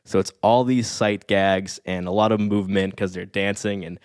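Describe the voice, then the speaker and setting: A man's voice: sits low, fairly even intonation, normal speed, a little mellow, clear, resonant tone, no echo, clean studio sound. A man in his thirties, a guest on a podcast, talking casually and with enthusiasm about past comedy episodes. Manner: enthusiastic, reflective, rambling. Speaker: podcast guest, statistics expert.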